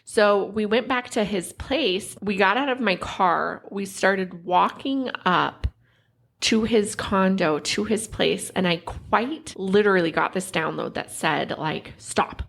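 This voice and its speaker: A woman co-hosting a podcast, telling a story in an animated, chatty way with lots of "like". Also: medium pitch, slow, gravelly. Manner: animated, lots of "like", acts out quotes. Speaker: podcast co-host. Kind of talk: casual storytelling chat.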